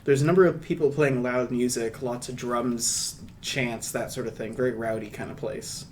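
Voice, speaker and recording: A man narrating a tabletop game as game master, relaxed and rambling, with casual asides. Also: medium pitch, normal speed, slight background noise.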